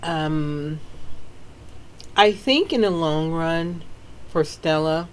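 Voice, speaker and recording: A woman author from the American South with a Southern accent, telling stories casually in a sassy, animated way with frequent laughter. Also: low voice, very slow, slight background noise, poor audio. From Southern United States. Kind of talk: casual storytelling.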